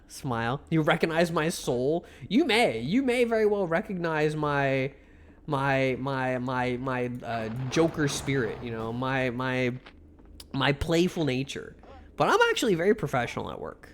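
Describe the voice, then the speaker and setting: A man's voice: on the high side, animated, measured pace, a little hiss or hum. Young man ranting casually on stream. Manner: rambling, swears a lot, gets worked up ranting. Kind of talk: casual live-stream chat.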